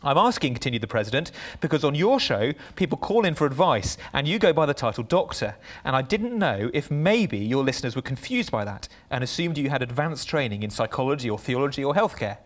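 A man's voice: medium pitch, sing-song, a little fast, hardly any pauses, lightly acted. A man reading out the lines of a sarcastic male president who lectures a critic with mock-earnest questions.

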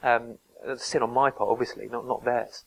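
A man's voice: medium pitch, little pitch movement, fairly quick, creaky, fairly bright tone, rough recording. A man preaching a sermon, earnest and emphatic, dropping to near-whispers to stress a point.

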